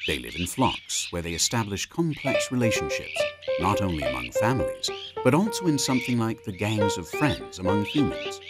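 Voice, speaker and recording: A man narrating a wildlife documentary in a measured, informative scripted delivery. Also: lowish voice.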